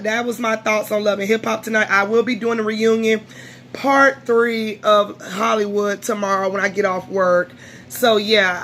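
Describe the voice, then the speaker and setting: A woman's voice: medium pitch, slight background noise. A tired woman vlogger recapping a reality show in casual, blunt, profane chat, acting out what people said. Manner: blunt, profane, animated recap with quoted voices.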